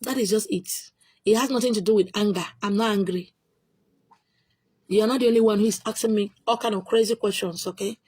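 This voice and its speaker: A Nigerian woman with a Nigerian accent and a fairly high, husky voice with a darkish tone answers viewer questions on her own video channel as a spiritual teacher. She is emphatic and insistent, repeating her points, in a dry recording.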